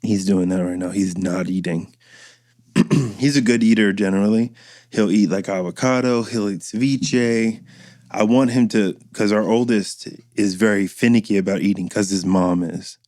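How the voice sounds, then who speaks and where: Laid-back man with a dry, dark voice. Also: lowish voice, moderate pace, no room sound. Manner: loose, profane storytelling with acted-out quotes. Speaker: podcast host. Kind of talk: casual monologue.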